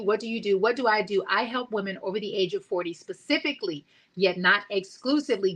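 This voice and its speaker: A woman in her forties hosting a motivational talk show, speaking with excited energy and asking her listeners rhetorical questions. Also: medium pitch, rough recording. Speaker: host.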